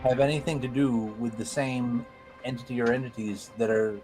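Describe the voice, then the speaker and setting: A man's voice: medium pitch, fairly even intonation, moderate pace, darkish tone, rough recording. A man with a medium voice thinking aloud during a tabletop game, doubtful and searching for words as he works through the lore. Faint music plays behind him. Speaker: player. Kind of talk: casual tabletop play.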